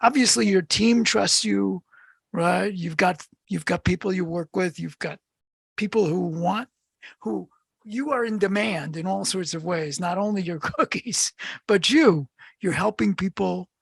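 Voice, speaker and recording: A woman's voice: mid-range voice, a little slow, creaky, breathy edge, no room sound, studio quality. A woman hosting a podcast interview, asking earnest, thoughtful questions in casual chat. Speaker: podcast host.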